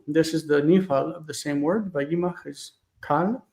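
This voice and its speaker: A man teaching a casual live Bible Hebrew lesson, thinking aloud with many fillers and reading verses slowly before explaining them. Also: fairly high pitch, vocal fry, mellow, rough recording.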